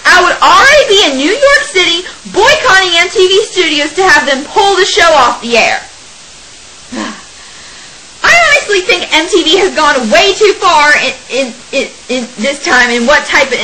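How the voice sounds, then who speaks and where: A young woman in her late teens rants into the camera, exasperated and sarcastic, with laughs breaking in between her complaints. Her voice sits high and swoops up and down. A steady hiss runs under the home recording. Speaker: vlogger. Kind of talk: ranting to camera.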